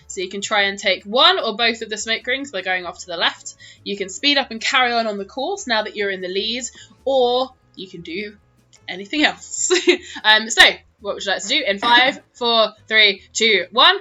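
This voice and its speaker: A woman's voice: mid-range voice, pushed and bright, dull audio. A woman narrating as dungeon master of a tabletop game, laughing often as she talks.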